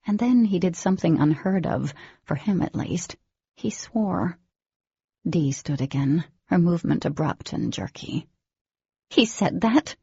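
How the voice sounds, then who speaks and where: A woman narrating a first-person novel as an audiobook in a steady, even reading. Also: fairly low pitch, measured pace, gravelly, husky, dry recording. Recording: dull lo-fi recording, dry.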